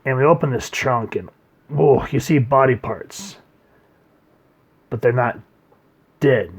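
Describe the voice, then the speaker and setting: A man reviewing a comic book in casual chat, rambling and trailing off quietly at the ends of his sentences. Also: slow, husky. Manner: rambling, trails off quietly at line ends, reads quotes in a low murmur.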